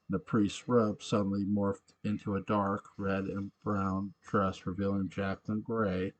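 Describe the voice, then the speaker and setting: A man reading a story aloud, halting and often correcting himself mid-sentence. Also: deep voice, darkish tone. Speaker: narrator.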